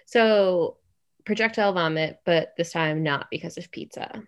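A young adult woman telling a funny story in casual podcast chat, animated and full of "like". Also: fairly low pitch, clean tone. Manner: animated, fast, heavy use of "like".

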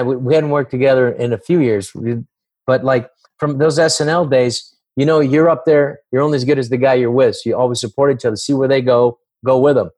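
A man's voice: mid-range voice, a little mellow, dry recording. A man, a comedian and actor, chatting as a guest in an interview, rambling and acting out voices. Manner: rambling, many restarts, acts out voices. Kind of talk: casual interview chat.

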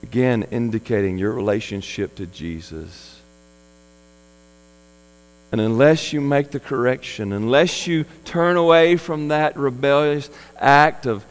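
A man's voice: mid-range voice, big-room sound, low-quality recording. A man preaching a sermon in an earnest, pleading manner that rises to impassioned emphasis. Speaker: pastor.

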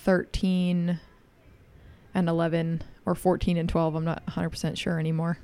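A woman in her thirties co-hosting a podcast, chatting in a relaxed, conversational way. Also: fairly low pitch, normal speed, smooth. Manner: relaxed, conversational, hesitant fillers. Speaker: podcast co-host. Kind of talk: casual chat.

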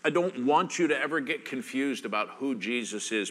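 A man's voice: medium pitch, fairly bright tone. A man preaching a sermon as pastor, reading scripture aloud with rising emphasis. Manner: reads scripture with rising emphasis, slow and deliberate.

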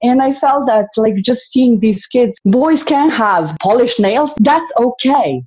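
A woman's voice: fairly high pitch, lively intonation, a little slow, a little mellow, muffled recording. A woman from Slovenia, an entrepreneur and interview guest, talking earnestly and reflectively, sometimes restarting her sentences. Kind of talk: casual conversation.

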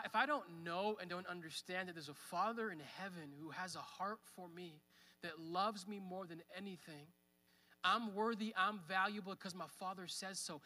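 A man's voice: sits high, sharp tone, long reverb tail. A man in his thirties preaching a sermon at church, conversational, with fillers. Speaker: pastor. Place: church hall.

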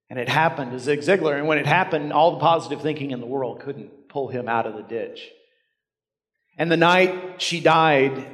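A middle-aged man preaching a sermon as a pastor, telling stories and dropping his voice low and quiet for emphasis. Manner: storytelling, dropping to near whisper for emphasis. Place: church sanctuary. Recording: long reverb of a large hall.

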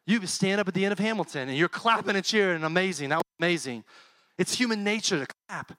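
Lively preacher, man. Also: fast, no echo. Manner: animated, conversational preaching with crowd banter; drops to a low, soft voice for heartfelt passages. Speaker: pastor. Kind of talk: sermon.

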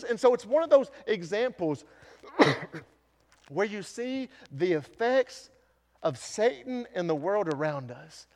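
A pastor in full sermon, his man's voice sitting a little high and earnest as he puts question after question to the congregation. His words ring out with a long reverb through the church hall. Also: sing-song, slow pace. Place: church sanctuary.

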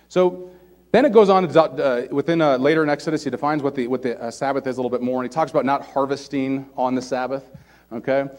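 A man's voice: medium pitch, darkish tone. A man preaching a casual sermon in a church, conversational, often checking in with "all right?". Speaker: pastor.

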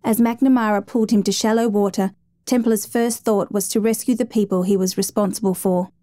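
A woman reading a dramatic true story as a steady, measured narrator. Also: mid-range voice, no room sound.

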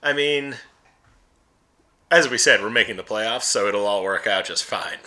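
A man's voice: lowish voice, unhurried, sharp tone. A man co-hosting a sports podcast, rambling loosely in profane, casual fan talk. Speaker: podcast co-host.

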